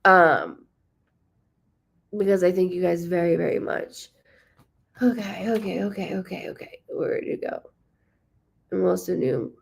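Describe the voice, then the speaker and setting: A woman medium hosting a live-streamed reading, chatty and animated, rambling with many fillers, in a warm room with the window open. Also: on the low side, unhurried, gravelly, long pauses. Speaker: psychic medium host.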